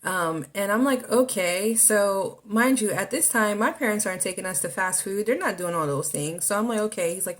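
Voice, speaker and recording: A woman podcast host giving a personal testimony, speaking haltingly with many fillers. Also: mid-range voice, animated.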